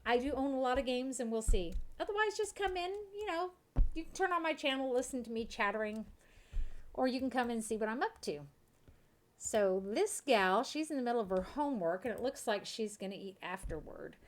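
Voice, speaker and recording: A woman's voice: fairly high pitch, lively intonation, a little fast. A woman from Kentucky, chatting casually and giggling as she streams a life-sim game. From Kentucky, USA. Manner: chatty, giggly, talks to her chat.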